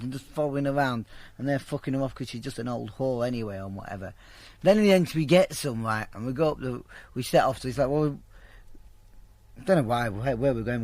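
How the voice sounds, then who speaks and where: A man telling a crude, profane anecdote in a blunt, animated way to an interviewer. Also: medium pitch, no echo. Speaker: storyteller. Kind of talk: casual anecdote told to an interviewer.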